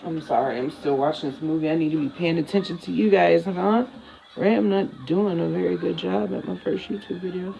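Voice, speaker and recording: A young woman casually talking through her makeup routine for her first vlog, relaxed and easily distracted. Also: lowish voice, a little fast, vocal fry, dull audio. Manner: relaxed, chatty, talks while working, drifts off to a TV. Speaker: beauty vlogger. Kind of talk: casual makeup tutorial chat.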